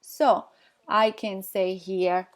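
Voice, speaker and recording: At a whiteboard, a woman's medium-pitched voice holds a steady tone as she teaches Spanish grammar in English. She takes her time explaining, goes quiet while writing on the board, and keeps asking how her students are doing.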